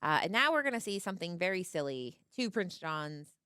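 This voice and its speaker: A woman's voice: on the low side, big pitch swings, a little fast, sharp tone, smooth, no echo, studio quality. A woman giving casual, chatty commentary on a card game match, often laughing and voicing what the players might be thinking.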